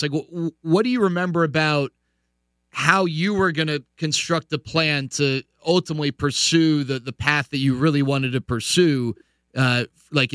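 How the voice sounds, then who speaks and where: A man's voice: on the high side, fairly bright tone, clean tone, no echo. A male interviewer asking long, curious questions with some restarts. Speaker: interviewer host.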